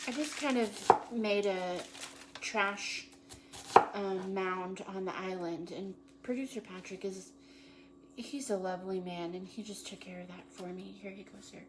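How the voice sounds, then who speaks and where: A woman's voice: medium pitch, a little slow. Playful woman hosting a cooking show. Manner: playful, jokey, self-praising with puns. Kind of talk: casual live cooking chat. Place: home kitchen. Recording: kitchen noise with chopping and clicks.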